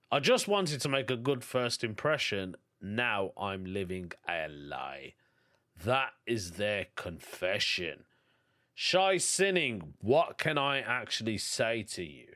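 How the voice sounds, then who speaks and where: A man's voice: medium pitch, fairly bright tone. A man with a Birmingham accent hosting a comedy podcast, reading listener stories aloud in a casual monologue and chuckling often. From England.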